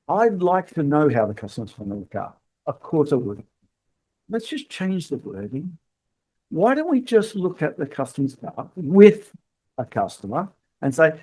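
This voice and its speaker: A man's voice: fairly high pitch, lively intonation, normal speed, a little mellow. A man hosting a podcast and coaching salespeople, acting out short customer and salesperson lines as he goes. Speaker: sales trainer and podcast host. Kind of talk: podcast monologue.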